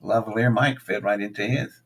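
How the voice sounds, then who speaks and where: An older man with a husky, slightly rough voice tells a long story in casual conversation. He swings into quoted lines with lively, acted-out energy, pitching up for punchlines. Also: a little fast. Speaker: guest.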